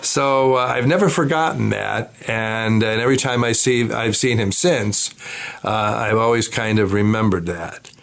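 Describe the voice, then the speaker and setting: A man's voice: on the low side, measured pace, gravelly, a bit bright. An older man, a bishop, telling a personal story in a chatty way, with many fillers and restarts. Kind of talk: anecdotal storytelling.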